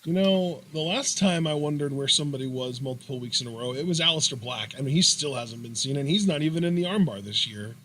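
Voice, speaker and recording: A man co-hosting a wrestling review show, chatting casually and giving measured, dry opinions. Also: mid-range voice, a bit bright, slight background noise, low-quality recording. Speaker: podcast co-host.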